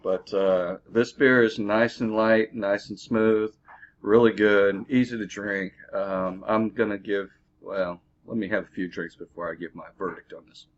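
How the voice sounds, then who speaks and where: Easygoing low-voiced man reviewing beer. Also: steady tone. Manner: halting, filler-heavy, easygoing. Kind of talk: casual product review. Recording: dull lo-fi home recording.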